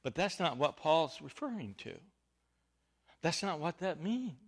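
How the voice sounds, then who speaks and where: A man's voice: on the high side, very animated, measured pace. A man preaching a Bible teaching sermon, emphatic and stressing key words.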